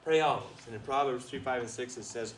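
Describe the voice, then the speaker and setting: Lively storytelling man, echoey room. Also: mid-range voice, quick pace. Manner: animated storyteller, laughs often, asks the audience questions. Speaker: guest speaker at a retreat. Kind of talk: storytelling talk to an audience. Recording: roomy, distant, faint noise.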